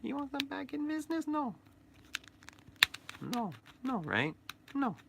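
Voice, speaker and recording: A man voicing a needy, creepy little male toy figure in a high squeaky falsetto. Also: sing-song, takes it slowly, vocal fry, heavy background noise, full character voice. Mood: wheedling. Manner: squeaky high falsetto, pleading then menacing.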